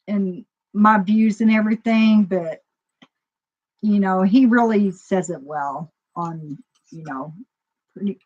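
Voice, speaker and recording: A woman speaks in an unhurried, meandering vlog monologue at a mid-range pitch. She circles her points with frequent fillers. The recording sounds muffled and lo-fi. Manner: rambling, full of "you know" fillers. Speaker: store owner. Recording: dull lo-fi recording.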